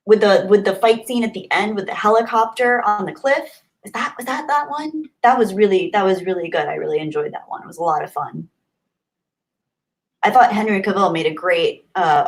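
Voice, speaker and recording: A woman's voice: mid-range voice, low-quality recording. Young woman, livestream host, chatty, emotional, reading fan comments aloud. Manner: gushing, emotional, many restarts and fillers.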